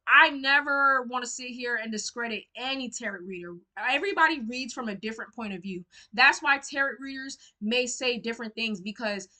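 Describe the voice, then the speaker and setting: A woman's voice: on the high side, bright, forceful tone. A young woman giving a tarot reading to camera in casual, blunt, outspoken talk. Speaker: tarot reader.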